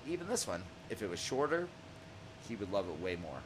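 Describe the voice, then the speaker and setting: A man hosting a music podcast in casual chat, profane and excitable, laughing often and shouting out lines he quotes. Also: on the low side, fairly quick, noisy background. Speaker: podcast host.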